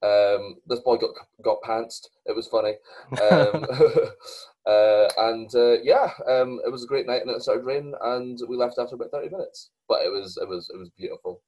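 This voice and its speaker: A man's voice: medium pitch, normal speed, a little mellow, rough recording. A young Scottish man co-hosting a casual podcast chat, talking hesitantly with many fillers and restarts. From Scotland. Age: young adult. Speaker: podcast co-host.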